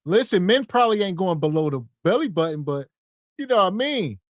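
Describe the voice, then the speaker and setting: A man co-hosting a podcast, giving slow, preachy commentary on street interview clips. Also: high-pitched, very animated, no echo. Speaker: podcast co-host. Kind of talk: casual reaction commentary.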